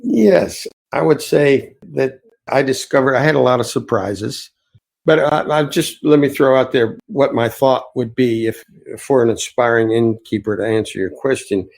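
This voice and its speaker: Male innkeeper guest, gravelly voice, earnest and reflective. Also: mid-range voice, normal speed, a little mellow, rough recording. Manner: earnest, reflective, rambling anecdotes. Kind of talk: storytelling interview answers.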